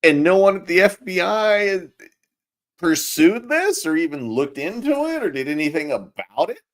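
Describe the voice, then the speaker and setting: A man co-hosting a political podcast, excitable, stammering and firing repeated eager questions. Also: sits high, moderate pace. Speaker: podcast co-host.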